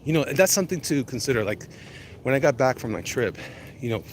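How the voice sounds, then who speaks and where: Man, middle pitch, casual rambling walk-and-talk streamer answering chat; clear traffic noise behind. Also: very animated, a little fast. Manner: rambling, chatty, reads out viewer comments. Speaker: vlogger answering live chat. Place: outdoors walking in the cold.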